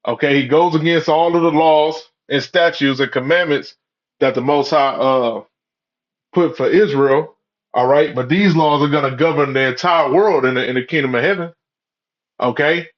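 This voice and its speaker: Here a man with a fairly high voice speaks at an ordinary pace, preaching in a wandering, foul-mouthed way and leaning heavily on fillers like "man" and "you know." He comments on religion. The recording sounds flat and low-fidelity.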